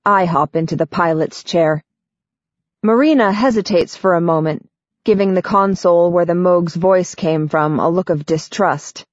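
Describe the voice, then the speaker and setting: A woman narrating a story in first person for an audiobook, steady and clear. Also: fairly low pitch, moderate pace, no echo. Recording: dull, dry studio sound.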